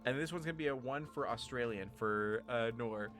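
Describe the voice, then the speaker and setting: A man's voice: mid-range voice, a little fast, a bit bright, faint music behind. Easygoing male game master. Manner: laughs often, easygoing. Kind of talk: narrating a tabletop game.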